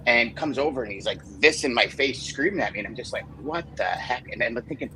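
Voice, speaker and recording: A man hosting a podcast, telling a story casually and getting animated and swearing when worked up. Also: medium pitch, fast, a little hiss or hum, poor audio. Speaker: podcast host.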